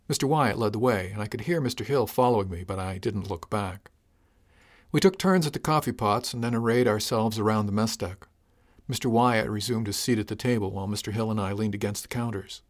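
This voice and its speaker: A man narrating a story in the first person in an audiobook, with a dry, measured, gently wry delivery. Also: lowish voice.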